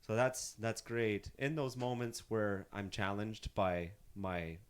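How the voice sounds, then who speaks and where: A man's voice: on the low side, steady tone, slow pace, clean tone. A man from Northern Ontario, a musician guest on a podcast, telling stories in a loose, rambling way with frequent restarts and casual swearing. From Northern Ontario, Canada. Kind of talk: casual storytelling chat.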